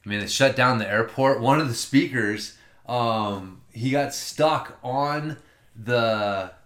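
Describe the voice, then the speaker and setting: A man's voice: mid-range voice, slow pace, a bit bright, echoey room. A man telling a long story in casual chat, rambling and swearing freely.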